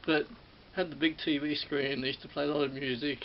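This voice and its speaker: A man's voice: fairly high pitch, little pitch movement, fairly quick. A middle-aged man, reminiscing in a rambling way about an old job, often repeating and correcting himself. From Australia. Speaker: former ride operator reminiscing. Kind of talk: casual spoken reminiscence. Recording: dull sound with faint hiss.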